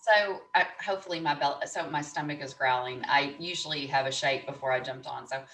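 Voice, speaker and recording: Low-voiced woman host, roomy and distant. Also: a little fast. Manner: warm listener, frequent short affirmations. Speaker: podcast host. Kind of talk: casual interview. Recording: roomy sound, distant from the mic.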